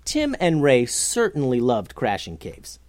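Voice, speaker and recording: A storyteller narrating an adventure story for children in an animated, expressive way. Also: medium pitch, measured pace, dry recording.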